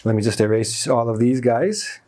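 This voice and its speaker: A man's voice: medium pitch, moderate pace, darkish tone. A man teaching English grammar in a whiteboard lesson, explaining each example step by step, stressing key words and correcting himself mid-sentence.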